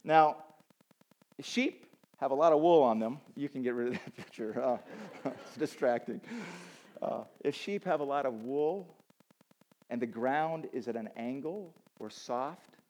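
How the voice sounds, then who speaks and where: A man giving a conversational, animated sermon to a college audience, using casual asides and self-deprecating humor. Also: medium pitch, unhurried. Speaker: campus chapel speaker. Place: college auditorium with a live audience.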